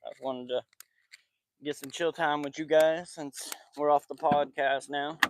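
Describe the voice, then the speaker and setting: A man's voice: fairly high pitch, fairly even intonation, measured pace, background noise. Man, thirties, football podcast host, casual outdoor chat, slangy, scolds the dog in between. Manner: loose, slangy talk, scolding the kids and dog between chatting to viewers. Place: outdoors at home by the backyard and porch.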